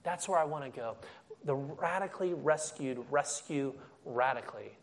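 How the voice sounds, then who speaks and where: A middle-aged man preaches to a congregation in a lively, animated way. His voice sits a little high for a man, and he trips over his words and restarts phrases as he builds his point. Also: normal speed. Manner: animated storytelling with frequent restarts. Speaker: guest speaker. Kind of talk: sermon.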